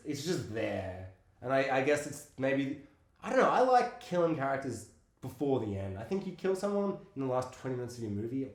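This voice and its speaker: A man co-hosting a casual podcast about films, talking animatedly, swearing often and acting out lines from scenes. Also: mid-range voice. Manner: animated, swears a lot, acts out quotes. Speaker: podcast co-host. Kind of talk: casual film discussion. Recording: roomy echo.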